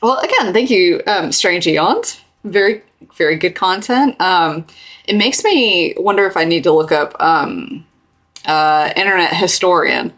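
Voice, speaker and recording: A woman's voice: on the low side, expressive, a little slow, fairly bright tone. A woman streamer reacting to a video in casual chat, laid-back, giggly and casually swearing.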